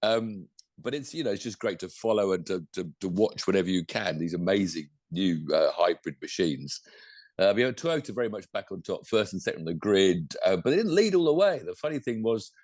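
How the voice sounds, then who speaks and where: Deep-voiced chatty man. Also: expressive, a little fast, darkish tone, no echo, clean studio sound. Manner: rambling, self-correcting, chatty. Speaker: podcast co-host. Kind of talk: casual motorsport chat.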